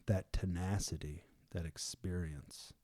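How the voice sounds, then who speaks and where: Laid-back man leading a Bible talk. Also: sits low. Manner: animated storytelling with quick put-on voices and laughs. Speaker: Bible study leader. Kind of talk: casual Bible discussion.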